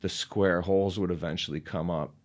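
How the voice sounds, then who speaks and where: A man in his thirties, a guest on a casual podcast, telling a long story in a rambling way, packed with "like" and growing more animated as he retells it. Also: low voice, brisk. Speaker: podcast guest, ramp builder.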